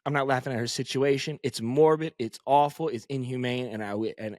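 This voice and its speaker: A man's voice: lowish voice, dry recording, clean studio sound. An American man co-hosting a podcast, ranting emphatically and swearing in opinionated casual chat. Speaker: podcast co-host. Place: podcast studio.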